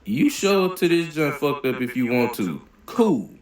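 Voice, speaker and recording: A man hosting a movie reaction video, giving blunt, profane, animated opinions in casual commentary. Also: fairly high pitch, moderate pace, echoey room.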